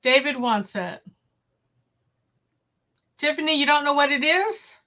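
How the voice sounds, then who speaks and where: A woman's voice: high voice, animated, unhurried, sharp tone. A woman hosting a casual livestream, chatting directly with her viewers. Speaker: homestead livestream host. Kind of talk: casual live-stream chat.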